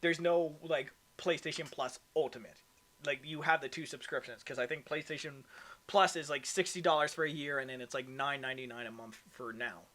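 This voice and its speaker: A man's voice: a little high, steady tone, fairly quick, sharp tone. A man hosting a casual gaming podcast. He reads news from his notes, often stumbles and starts over, and runs short of breath. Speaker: podcast host.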